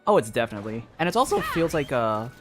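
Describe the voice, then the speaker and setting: A young woman streamer giving chatty, excitable commentary while she plays a game. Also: rumbling low, fast, over music. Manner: chatty, excitable, laughs often. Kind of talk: gameplay commentary.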